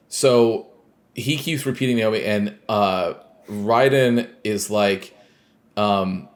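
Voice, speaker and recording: A man co-hosting a podcast, casually retelling a video game scene with lots of fillers and quoted lines. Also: on the low side. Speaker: podcast co-host. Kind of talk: casual chat recapping a game.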